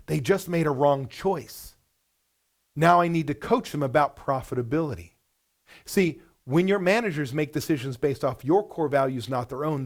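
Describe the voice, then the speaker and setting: A man coaching restaurant owners in a webinar, with a fairly high, gravelly voice. His pitch swings widely as he fires blunt rhetorical questions. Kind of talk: webinar presentation.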